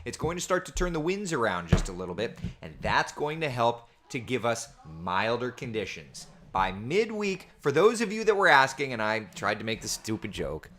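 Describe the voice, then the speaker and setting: A man's voice: lowish voice, animated, moderate pace, few pauses, a bit bright, a little hiss or hum. A man giving a casual weather forecast from home, chatting and rambling through viewer comments on a computer camera mic. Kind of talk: casual livestream forecast chat. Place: at home with his small children nearby.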